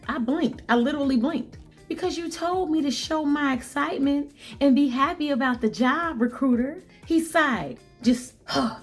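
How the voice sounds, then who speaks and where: A woman's voice: high voice, expressive, normal speed, slightly rough, faint music behind. A bubbly, upbeat woman telling viewers a workplace story, repeating phrases for emphasis and talking straight to them. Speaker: vlogger telling a work story. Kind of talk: storytelling monologue.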